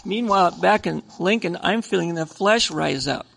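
A man's voice: high voice, moderate pace, creaky, noisy background. A man telling his side of a story at a sermon, in a conversational way with self-mocking humor.

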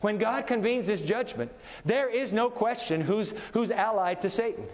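A man preaching a sermon in a lively, conversational style, chuckling often as he goes. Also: high-pitched, moderate pace. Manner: animated, conversational, laughs often. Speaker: pastor. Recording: long reverb of a big hall.

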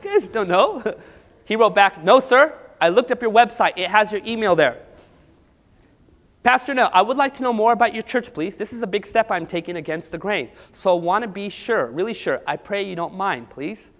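A man preaching as a pastor, telling stories with lively acted-out dialogue to a congregation. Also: high voice, normal speed, in a large hall. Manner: animated storytelling with acted dialogue. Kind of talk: sermon.

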